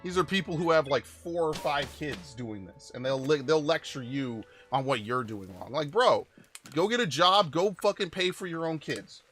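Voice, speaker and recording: A man in his forties from New York hosts his gaming stream and talks casually through a blunt, profane rant, restarting sentences as he goes. Game music plays clearly behind his voice. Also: fairly high pitch, expressive, moderate pace, fairly bright tone. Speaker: gaming channel host. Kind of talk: casual live-stream rant during gameplay.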